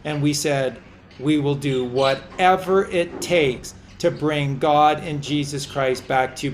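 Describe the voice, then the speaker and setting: Slow, preachy man exhorting listeners. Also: a little high. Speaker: podcast host. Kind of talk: impassioned religious commentary.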